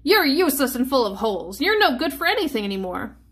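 A woman's voice: sits high, very animated, fast talker, a bit bright, slightly rough, exaggerated voice. A woman voicing a grumpy old man who grumbles and scolds his worn-out hat in a storybook read-aloud. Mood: grumbling. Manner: scolding, muttering to himself.

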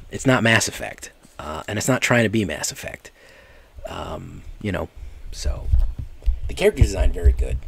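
His voice sits low, creaky with a breathy edge, as he rambles through casual chat while streaming a card game, full of fillers and laughter. Faint background noise runs underneath.

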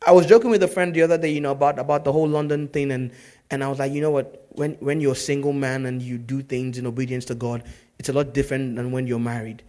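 A man preaching a sermon as pastor, telling stories in a lively way that swings from loud to hushed. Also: medium pitch, fast.

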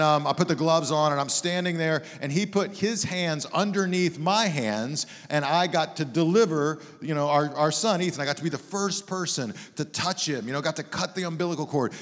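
In a church sanctuary, a guest pastor with a fairly bright voice on the high side preaches a sermon. He tells stories in a conversational, joking way, captured with long hall reverb.

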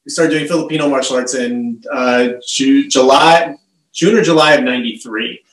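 A man, a martial arts instructor, recalling dates in a quick, matter-of-fact way. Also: medium pitch. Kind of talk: casual interview. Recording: distant from the mic, roomy echo.

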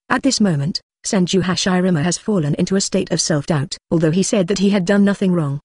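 Flat synthetic audiobook narrator. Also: medium pitch, quick pace, few pauses, breathy edge, dry recording, studio quality. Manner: flat, even reading that speaks punctuation aloud.

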